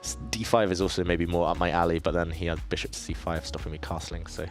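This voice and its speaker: A man's voice: deep voice, flat delivery, fast talker, soft background music. A man, from southeast England, streaming his chess games and chatting casually with viewers as he thinks aloud, in a self-deprecating way. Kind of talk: casual live-stream commentary while playing.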